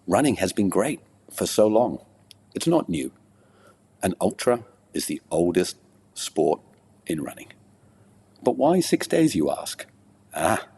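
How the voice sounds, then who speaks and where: A man with a low, slightly husky voice reads a comic poem at an unhurried pace, leaning into dramatic pauses. His voice carries a long reverb tail, as if he were recorded in a large hall. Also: warm tone. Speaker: podcast co-host.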